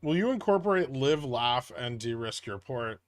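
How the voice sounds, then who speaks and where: A man with a mid-range voice hosts a casual stock-market livestream at a moderate pace. He reads the viewer chat aloud and answers in a relaxed, rambling way, with no echo.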